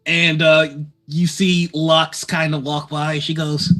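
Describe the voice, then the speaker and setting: A man running a tabletop game as game master, narrating in a relaxed way and laughing often. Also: a little high, slow pace, soft background music. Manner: relaxed, laughing, many uh fillers.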